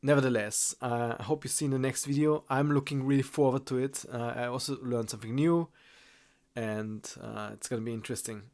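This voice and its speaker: A man with a nasal voice from a cold, teaching a software tutorial and thinking aloud with halting restarts. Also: mid-range voice, steady tone. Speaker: course instructor. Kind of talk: screen-recorded software tutorial.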